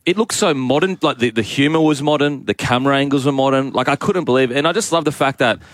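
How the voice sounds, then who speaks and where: A man's voice: mid-range voice, fast, dry recording. A man on a radio panel talks earnestly about a film. He stumbles and restarts as he goes. The mic sounds close and dry. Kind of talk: casual radio chat.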